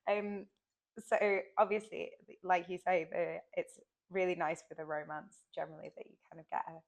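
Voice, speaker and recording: A woman interviewing an author for the publisher, chatty and relaxed, laughing now and then. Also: on the low side, normal speed, creaky. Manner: chatty, many fillers and restarts, laughs. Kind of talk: casual interview chat.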